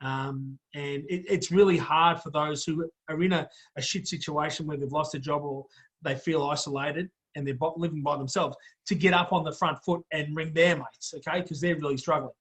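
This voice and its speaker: A man's voice: a little high, fairly even intonation, normal speed, a bit bright. An Australian man hosting a casual podcast chat, blunt and blokey, calling everyone mate. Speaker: host.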